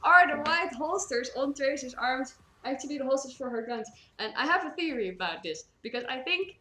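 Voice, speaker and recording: A woman's voice: high voice, animated, fairly quick, sharp tone, echoey room. A woman from the Netherlands with a Dutch accent, chatting casually on a cosplay stream, rambling with lots of fillers and restarts.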